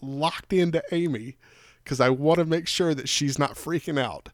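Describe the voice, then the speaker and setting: A man telling a rambling, animated story as a podcast host, with frequent restarts. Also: a little high, moderate pace, no room sound, clean studio sound. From Georgia, USA. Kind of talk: casual storytelling chat.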